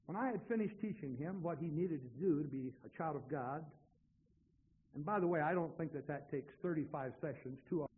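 A male preacher tells a story from the pulpit, voicing himself and the other people in it with dramatic flair. His voice is husky and slightly high. The sound is thin and tinny, like a phone line. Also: brisk. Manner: dramatic storyteller, acting out both sides of a conversation. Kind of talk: sermon storytelling.

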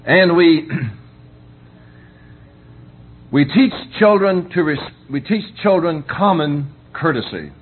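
Folksy middle-aged preacher on a tinny line. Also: male voice, fairly high pitch, animated, drawn-out words, long pauses, breathy edge. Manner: folksy, keeps asking "you understand?". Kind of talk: conversational sermon on parenting. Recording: tinny phone-like recording with faint hum.

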